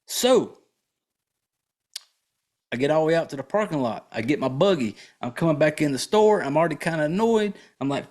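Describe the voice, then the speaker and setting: A man's voice: fairly high pitch, lively intonation, brisk, pauses often, darkish tone. A man hosting a podcast, telling a profane, exasperated story in a casual ranting monologue. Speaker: podcast host.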